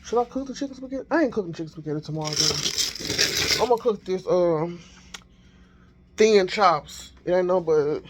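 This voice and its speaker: Guy talking to his phone in the kitchen, high-ish voice, rambling on as he cooks. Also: lively intonation, normal speed, pauses often, heavy background noise. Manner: rambling, thinking out loud. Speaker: vlogger. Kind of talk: casual chat while cooking. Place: home kitchen. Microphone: handheld phone.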